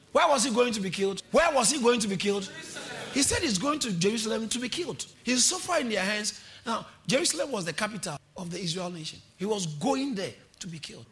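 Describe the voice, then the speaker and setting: A male pastor preaching a sermon, impassioned and often shouting, with call-and-response to the church. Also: high voice. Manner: quotes verses then explains them.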